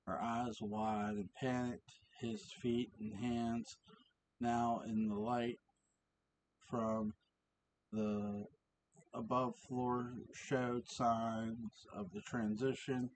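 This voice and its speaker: Slow, halting man reading his story. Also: mid-range voice, level tone, poor audio. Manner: halting, slow, many ums, asides about his cats. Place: home with cats around.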